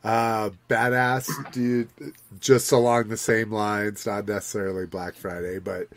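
Man, lowish voice, podcast host, casual, teasing questions. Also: flat delivery, unhurried. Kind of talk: casual chat.

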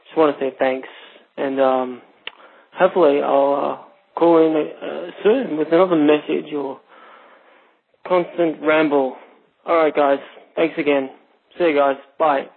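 A man's voice: fairly high pitch, fairly even intonation, measured pace, vocal fry, long pauses. A man with an Australian accent leaving a rambling, friendly voicemail for the hosts. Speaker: voicemail caller. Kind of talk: phoned-in voicemail message. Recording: tinny phone line.

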